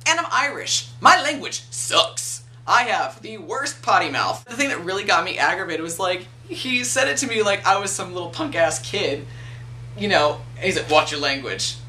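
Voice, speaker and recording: Young man, early twenties, animated vlog storyteller, bright tone, slightly distant mic with faint hum. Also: high voice, normal speed. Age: 20s. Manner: animated, swears freely, acts out quoted people. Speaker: video blogger. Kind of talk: casual storytelling rant.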